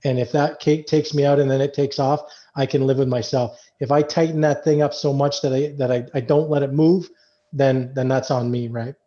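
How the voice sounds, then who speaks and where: A Canadian man, a trading coach, explaining trade setups in a relaxed, loose way with many fillers. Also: mid-range voice, moderate pace. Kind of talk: casual trading chat. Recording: dull lo-fi audio.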